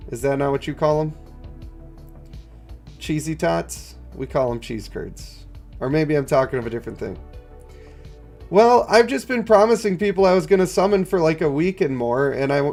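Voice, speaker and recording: A stuffed-up man live-streaming a mobile game, chatting in a low-key way and answering his chat. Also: a little mellow. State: congested, stuffed up. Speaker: gaming streamer.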